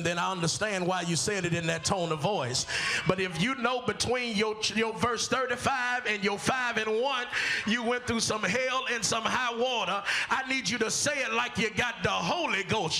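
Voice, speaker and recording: A man preaching as a guest pastor at a church service, emphatic and repetitive, drawing out key words and building to shouts while he calls on the congregation to answer. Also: sits high, noisy background. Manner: drawn-out phrasing on key words. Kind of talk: sermon with call and response.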